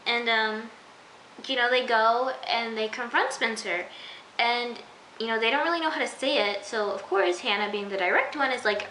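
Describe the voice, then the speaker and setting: A woman chatting through an episode review, acting out her own reactions and sometimes dropping into a soft near-whisper. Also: a little high, fairly quick, a little hiss or hum. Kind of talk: casual episode review vlog. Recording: echoey room.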